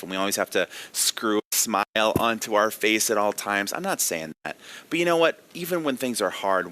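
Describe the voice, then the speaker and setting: Earnest, bright-voiced male pastor. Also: on the low side. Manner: earnest, emphatic, asks the listener direct questions. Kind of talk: daily devotional sermon.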